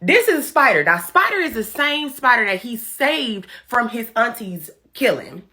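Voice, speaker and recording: Animated, bright-voiced sassy woman recapping a movie. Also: on the high side, a little slow. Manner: profane, sassy storytelling with voiced asides; uses Black American slang. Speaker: comedy recap host.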